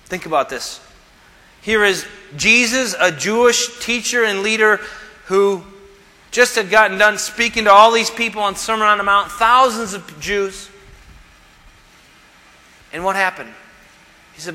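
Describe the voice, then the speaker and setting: A man's voice: sits high, moderate pace, pushed and bright. A man preaching a sermon as pastor, emphatic and acting out the voices he quotes. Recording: long hall reverb.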